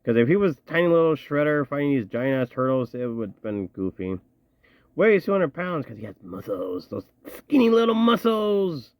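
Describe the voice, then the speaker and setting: A man's voice: medium pitch, animated, moderate pace, a little mellow, no room sound. A man casually reviewing action figures from his collection, chatty and slangy, with joking asides. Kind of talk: casual show-and-tell review.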